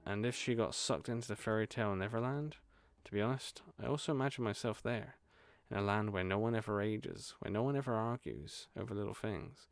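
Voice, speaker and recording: Low-voiced man reading a horror game aloud. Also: creaky, no echo. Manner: casual, swears in asides. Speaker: gaming streamer. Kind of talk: reading a horror visual novel aloud with asides.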